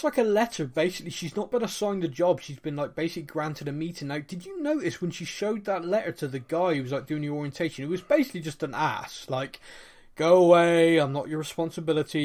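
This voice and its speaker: A man's voice: a little high, a little mellow. A British man hosting a casual podcast chat, chatty and fond of mocking posh voices. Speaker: podcast host.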